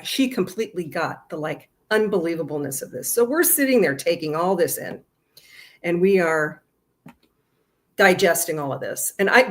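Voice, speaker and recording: Chatty woman telling a story. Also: lowish voice. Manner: animated, chatty, with lots of fillers. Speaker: storyteller vlogger. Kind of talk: casual storytime monologue. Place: outdoors in a garden.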